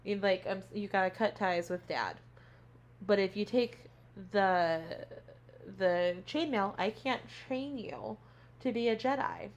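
On a casual podcast, a woman co-host who works as a teacher recaps a show with animation, voicing characters' lines and swearing often. Her voice is mid-range and slow, and the audio sounds dull.

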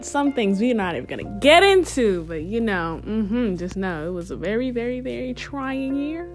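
A woman's voice: medium pitch, moderate pace, few pauses. Young woman podcast host, casual and chatty, stops herself mid-thought, repeats key points for emphasis; faint music bed. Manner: chatty, self-interrupting, playful asides; emphatic, repeats advice for stress. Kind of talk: casual reflective monologue.

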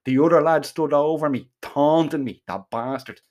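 A man's voice: a little high, normal speed, a little mellow. A man with an Irish accent telling a comic first-person story, rambling and full of swearing and colourful slang.

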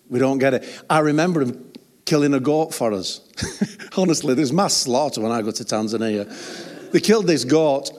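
A pastor preaches a sermon in a slightly high, somewhat mellow male voice, spinning humorous stories with chatty asides and laughs. The recording carries a long hall reverb.

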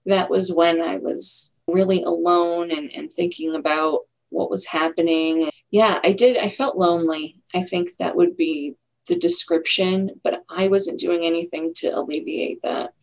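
Middle-aged woman, lowish gravelly voice, talking candidly about her life, reflective and steady. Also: measured pace, rough recording. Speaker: guest. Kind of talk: casual interview chat.

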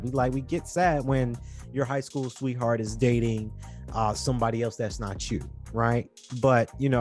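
A young man hosting a podcast in a casual monologue, rambling and earnest, often restarting his sentences. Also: medium pitch. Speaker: podcast host.

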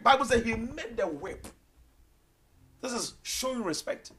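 A man preaching a sermon with passion, swinging between loud declarations and hushed low asides. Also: lively intonation, normal speed, breathy edge.

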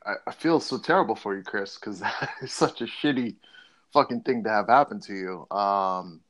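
Laid-back low-voiced man co-host. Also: moderate pace, fairly bright tone. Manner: easygoing, prompting with fillers. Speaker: podcast co-host. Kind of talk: casual chat.

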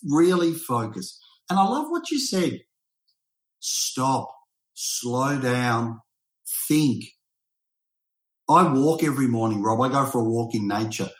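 A man hosting an interview, telling stories in a lively, animated way. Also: medium pitch, slow pace, pauses often, roomy sound, poor audio. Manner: animated, storytelling. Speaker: podcast host. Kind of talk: casual interview chat.

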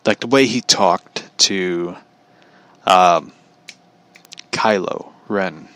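A man's voice: deep voice, extremely slow, fairly bright tone. A man telling a story in a casual, opinionated rant, swearing freely and laughing at his own anecdote.

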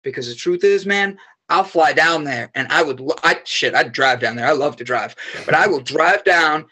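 A man with a slightly high voice tells long, rambling stories in an animated way. He swears freely in a loose, casual podcast chat. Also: normal speed, breathy edge. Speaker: podcast guest.

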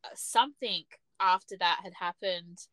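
A woman's voice: on the low side, normal speed, bright, forceful tone, dry recording. A woman co-hosting a podcast in casual chat, chatty and restarting often as she acts out her own reactions. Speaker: podcast co-host.

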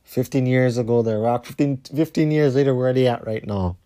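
A man telling a rambling story as a podcast host, heated and profane, repeating himself and trailing off low at the ends of lines. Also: brisk, mellow.

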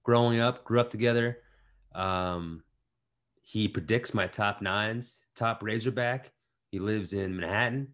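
A young man co-hosting a podcast, joking around in casual chat and riffing bits with quick restarts. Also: on the low side, a bit bright. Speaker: podcast co-host.

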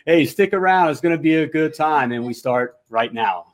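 A man hosting a live-streamed show, talking with energetic, hype-style repetition. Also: fairly high pitch, moderate pace. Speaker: podcast host.

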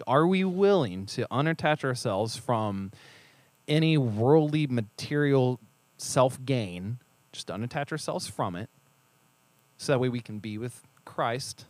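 A man co-hosting a casual faith talk, retelling stories with lively acted-out quotes and quick asides. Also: mid-range voice, no echo. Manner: animated storyteller, acts out quoted voices, quick asides.

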